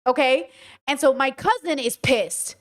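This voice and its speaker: A woman host chats to her stream audience in a casual, storytelling way. Her voice sits a little high, and her manner is blunt, animated and full of swearing. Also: measured pace.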